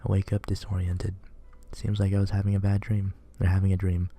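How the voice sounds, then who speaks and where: A man reading a visual novel aloud in a casual, deadpan way, stumbling now and then. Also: sits low, a little fast, faint music behind. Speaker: game reader.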